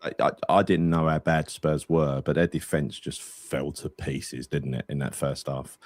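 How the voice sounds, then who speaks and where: A man's voice: extremely low pitch, little pitch movement, normal speed. A man co-hosting a casual football podcast, chatty and teasing, with freely dropped swear words. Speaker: podcast co-host. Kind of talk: casual chat.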